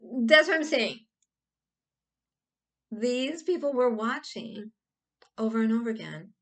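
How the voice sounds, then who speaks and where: A woman's voice: fairly high pitch, slow. Woman rambling through a casual explainer. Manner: animated, rambling, acts out silly examples. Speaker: video host.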